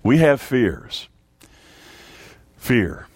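A middle-aged man preaching a sermon as pastor, halting with many restarts and repeated words, asking his congregation questions. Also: medium pitch, sing-song, darkish tone, breathy edge, no room sound.

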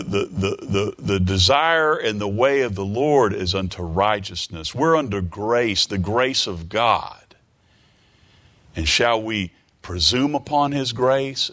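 A man's voice: on the low side, fairly bright tone. A man preaching a sermon, reading scripture aloud and explaining it earnestly, often repeating words as he searches for the next phrase.

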